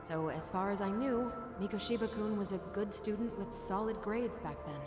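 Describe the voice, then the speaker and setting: A composed schoolteacher, voiced by a woman, recalls things in a measured, matter-of-fact way. Her voice rings out with a long, roomy reverb, as in game audio. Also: mid-range voice, music in the background, close to an everyday voice. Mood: recollecting. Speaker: English teacher.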